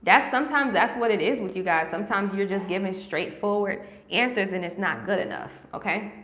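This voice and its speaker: A woman's voice: mid-range voice, brisk, fairly bright tone. Chatty woman livestreaming in an echoey room. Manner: chatty, repeats "okay?" and "right?" to viewers. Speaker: livestream host helping with grant applications. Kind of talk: casual livestream talk.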